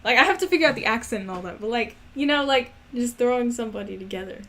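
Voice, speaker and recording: A woman's voice: a little high, animated, quick pace, a bit bright. A woman chatting casually as she plans a character, rambling and laughing at herself. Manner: rambling, many fillers, self-mocking. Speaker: animation creator. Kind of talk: casual chat, thinking aloud.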